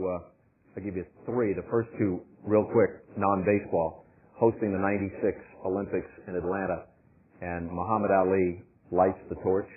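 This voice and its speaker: A male sportscaster on a panel, telling anecdotes in a measured way that builds suspense. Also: sits low. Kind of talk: storytelling anecdotes at a forum. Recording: tinny phone-like sound.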